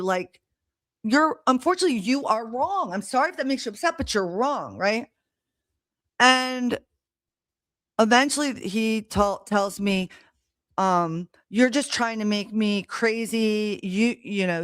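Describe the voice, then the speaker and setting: On a streaming mic with a dry, clean studio sound, a woman with a medium-pitched, slightly bright voice talks to her live audience. She shares a personal story in a heated, blunt, offhand way, cursing without restraint.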